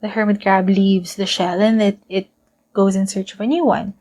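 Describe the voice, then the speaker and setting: A woman's voice: mid-range voice, flat delivery, normal speed, a little mellow. A young woman giving a casual tarot reading to camera, chatty and rambling, laughing often. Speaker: tarot reader.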